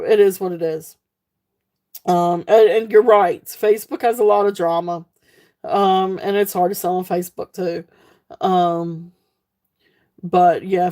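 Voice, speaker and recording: A woman's voice: mid-range voice, dark tone. A woman hosting a live online jewelry sale from home, talking to her viewers in a rambling, heartfelt way with many fillers. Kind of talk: casual live-stream chat to viewers.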